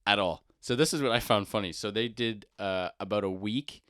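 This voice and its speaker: A young man in his twenties co-hosting a podcast, relaxed and matter-of-fact as he explains things. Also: lowish voice, brisk, no echo, studio quality. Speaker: podcast co-host. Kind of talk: casual chat.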